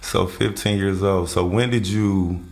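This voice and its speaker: A man's voice: low-pitched, steady tone, a little slow. A man hosting a podcast interview, laid-back and slangy, hyping up his guest. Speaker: podcast host. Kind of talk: casual interview chat. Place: studio.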